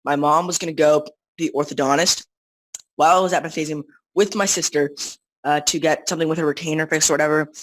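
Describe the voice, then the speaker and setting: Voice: mid-range voice, steady tone, fast talker, low-quality recording. A teenager chatting casually as a podcast co-host, rambling with lots of restarts and fillers. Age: teens. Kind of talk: casual chat.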